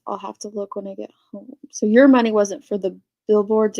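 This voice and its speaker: A woman's voice: mid-range voice, mellow. A woman hosting a casual livestream, chatting and reading viewer comments aloud. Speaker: livestream host reading chat.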